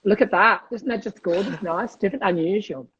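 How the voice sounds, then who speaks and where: On a casual video call, a comedian guest from Scotland keeps up cheeky banter, laughing frequently. His voice sits high and he speaks fairly quickly, though the recording is muffled and has crowd noise.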